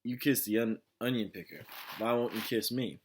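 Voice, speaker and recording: A man reading aloud, voicing a drunk, leering small-town sheriff with a slow drawl. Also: lowish voice, slight background noise, lightly acted.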